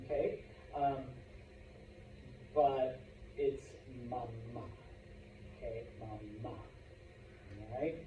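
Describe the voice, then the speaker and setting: A man's voice: fairly high pitch, mellow, muffled recording, slight background noise. A man teaching a Spanish vocabulary lesson to a class, chatty, with joking asides and frequent "okay?" check-ins.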